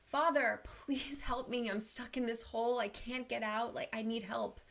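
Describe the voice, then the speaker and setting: A woman's voice: steady tone, moderate pace, creaky, a bit bright. A woman acting out a desperate person begging for help. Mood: pleading. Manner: pleading, raised and higher voice. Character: desperate person stuck in a deep hole.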